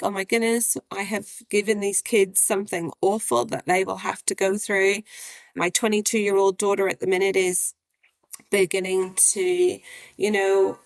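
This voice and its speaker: A woman in her forties speaks as an interview guest, earnest and heartfelt, circling back over her words. Her voice sits at an ordinary pitch for a woman. The sound is dry and close, with no room around it. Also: fairly bright tone, dry recording. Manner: earnest and heartfelt, repeating phrases. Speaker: guest physician. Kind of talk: candid interview conversation.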